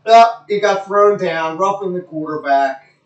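A man's voice: high-pitched, measured pace, echoey room, lo-fi sound. A man giving a rambling, crude, joking play-by-play of a televised football game, repeating himself often. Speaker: amateur commentator.

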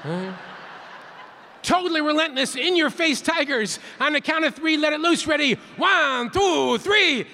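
A man's voice: extremely high pitch, animated, a little slow, bright, forceful tone, slight background noise. A man giving a playful keynote talk, leading the audience in call-and-response counts in a large conference hall. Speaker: keynote speaker. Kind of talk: interactive plenary talk.

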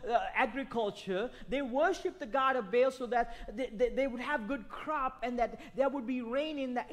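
A pastor preaching a sermon in a conversational way, repeating phrases, asking the congregation questions and checking in with "right?". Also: high voice.

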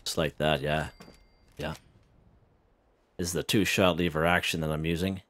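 A man casually commenting on his own gameplay in a relaxed, rambling way, chuckling often. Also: low voice, normal speed, a little hiss or hum. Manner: relaxed, chuckling, lots of fillers and restarts. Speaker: gaming channel host.

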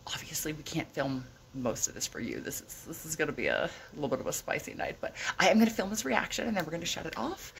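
A woman vlogging at home in a hushed, excited whisper, swearing casually as she shows things off. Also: on the high side, vocal fry, slight background noise. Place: indoors at home.

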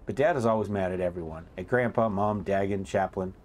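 A man quietly reading as a sad little girl. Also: low-pitched, a little fast, slight background noise, pitched below the performer's own voice, natural voice. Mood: subdued.

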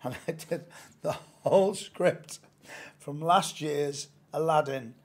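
Gravelly, husky man telling stories. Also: a little high, slow pace. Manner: animated storyteller, stammering restarts. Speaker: pantomime actor and radio broadcaster. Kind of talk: anecdotal interview chat.

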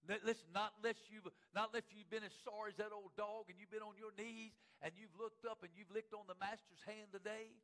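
A man preaching in a church with a high, ringing voice. His delivery is fervent and repetitive, hammering phrases home. He swings from loud, pleading cries down to hushed, low lines. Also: little pitch movement, fairly quick, few pauses, rough recording. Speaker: pastor. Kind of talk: preaching a sermon. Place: church sanctuary.

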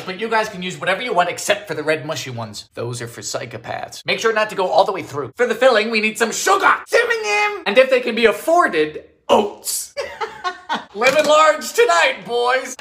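Young man, comedic baking host, very lively pitch, bright voice, theatrical wisecracks. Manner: theatrical, wisecracking, sudden shouts and squeals. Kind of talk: comedic recipe vlog.

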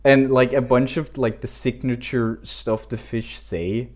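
A man's voice: mid-range voice, level tone, measured pace. A young man co-hosting a casual stream about his game, laughing often, rambling and swearing. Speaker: game co-creator.

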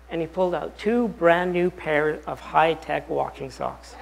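A man, a pastor, telling a personal story during a bible study talk in an animated, anecdotal way. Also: on the high side, a little slow, creaky, low-quality recording.

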